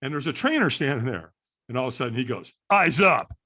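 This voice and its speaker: Lively older man telling a story. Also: mid-range voice, fast talker. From California. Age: 60s. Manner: lively storyteller acting out voices, frequent "right?". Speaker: podcast guest. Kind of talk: animated storytelling.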